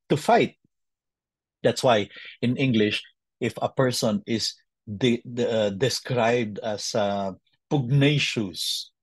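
A man's voice: fairly low pitch, breathy edge, dry recording. A man teaching a webinar lesson, patiently drilling verb conjugations one form at a time. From Philippines. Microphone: video call.

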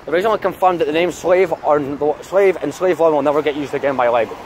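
A man's voice: a little high, fast talker, slight background noise. A man vlogging outdoors in town, chatting casually and ranting with heavy swearing. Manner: angry swearing rant. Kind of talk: casual vlog chat.

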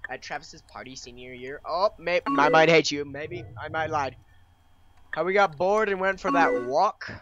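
A man's voice: a little high, normal speed, highs cut off. A young man giving playful, swearing gameplay commentary, reading chat lines aloud and reacting with mock drama. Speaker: let's play gamer. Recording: loud keyboard typing behind voice.

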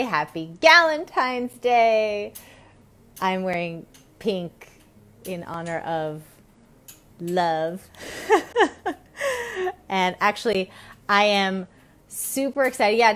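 A woman in her thirties hosting a weekly live stream, chatting casually in a bubbly, rambling way with many fillers and quick laughs. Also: medium pitch. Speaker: host of a weekly live stream on women's health.

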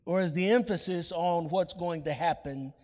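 A male pastor preaching a sermon with a deliberate cadence, drawing out the words he stresses. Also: on the high side, a little mellow, long reverb tail.

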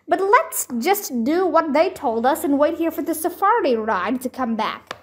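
A careful, sensible young boy who weighs every danger, read by a woman. He talks slowly and reasons things out in a higher voice. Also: sing-song. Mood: cautious.

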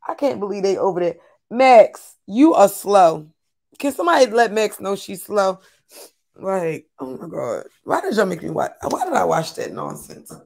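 Woman reacting to a clip, loud and cussing, gravelly voice that swings all over. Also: medium pitch, sing-song, moderate pace. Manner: loud, exasperated, swears a lot, mocking. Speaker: streamer reacting to a video. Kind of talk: casual reaction commentary.

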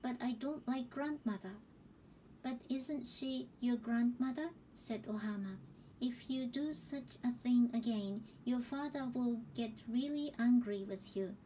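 A woman slowly reading a novel aloud as an audiobook, gentle and unhurried, with small restarts. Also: on the high side, recorded from a distance, a little hiss or hum, poor audio. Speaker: audiobook reader. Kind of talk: slow storybook narration.

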